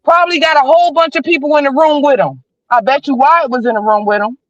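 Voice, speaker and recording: A woman's voice: sits high, fast, no echo. A woman in her forties, calling in as a livestream guest, giving heated commentary in blunt, emphatic slang. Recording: slightly dull dry stream audio.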